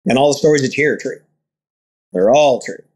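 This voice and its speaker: A ranch owner in an interview, talking earnestly and rambling through stories with quoted dialogue. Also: male voice, mid-range voice, brisk, a little mellow. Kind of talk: conversational interview storytelling.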